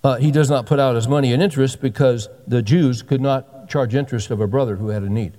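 A man's voice: medium pitch, quick pace, warm tone, long reverb tail. A pastor in his sixties giving a sermon with folksy, joking asides. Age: 60s.

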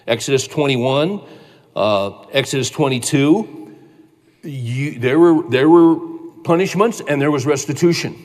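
A man teaching a sermon, conversational and emphatic, telling a personal story and repeating key phrases. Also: mid-range voice. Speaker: pastor. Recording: reverberant hall.

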